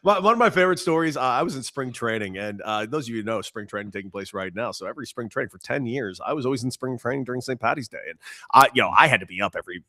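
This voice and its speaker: Animated bright-voiced male co-host. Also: very fast, no echo. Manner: animated storyteller, gets loud and high when excited. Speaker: radio co-host, former baseball player. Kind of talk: casual storytelling chat.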